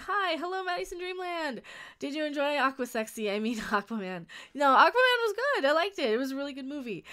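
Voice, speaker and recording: A woman's voice: sits high, pushed and bright, clear, resonant tone. A woman chatting casually on a live stream, reading viewer comments and giving blunt opinions, rambling with frequent restarts and laughs.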